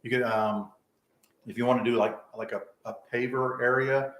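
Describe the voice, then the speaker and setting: A man's voice: mid-range voice, steady tone, normal speed, fairly bright tone. A man from Georgia with a Southern accent, chatting casually and telling jokes while hosting a live home tour. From Georgia, USA. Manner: chatty, joking storyteller. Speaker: real estate agent hosting a live tour. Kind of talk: casual live-stream chat. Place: inside a house on tour. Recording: echoey room with faint noise.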